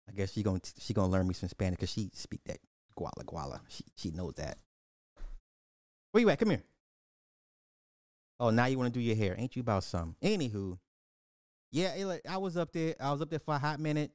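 A man hosting a livestream in casual commentary, talking in an animated, emphatic way and laughing often. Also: medium pitch, a little fast, pauses often, no echo, clean studio sound. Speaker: livestream host.

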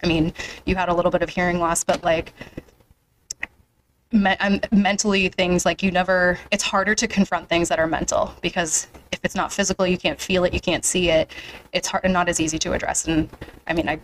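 A woman's voice: on the low side, flat delivery, a little fast, slight background noise, low-quality recording. A young woman hosting a podcast, chatting casually and emotionally, with a lot of "like" fillers. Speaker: podcast host. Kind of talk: casual interview chat.

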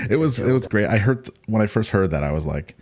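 A man's voice: on the low side, a little mellow. A man co-hosting a podcast in casual chat, rambling and laughing as he talks. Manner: rambling, laughing, many "like" fillers. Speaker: podcast co-host.

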